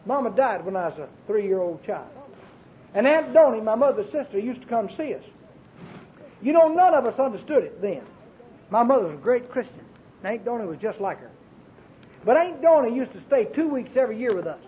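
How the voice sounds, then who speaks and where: A Baptist preacher, preaching an emphatic, storytelling sermon with many repeated phrases. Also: male voice, big pitch swings, a little fast. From Arkansas, US. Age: 40s. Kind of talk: fervent sermon. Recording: tinny lo-fi recording with faint hiss and rumble.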